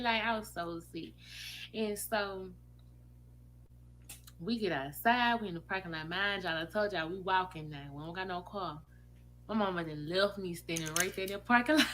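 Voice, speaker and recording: Animated woman telling a story. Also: mid-range voice, a little hiss or hum, rough recording. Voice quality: animated, acts out quoted voices. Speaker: vlogger telling her own story. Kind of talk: casual storytelling.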